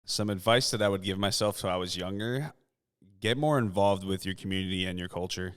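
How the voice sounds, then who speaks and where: Male podcast co-host in his twenties, reflective, low and clear. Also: a little fast. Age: 20s. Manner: earnest, reflective. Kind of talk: casual chat.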